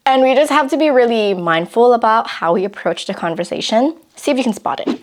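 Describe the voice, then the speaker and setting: A woman's voice: a little high, expressive, brisk, hardly any pauses. A young woman hosting a mukbang vlog, giving earnest, conversational relationship advice and acting out quoted lines. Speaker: vlogger and host.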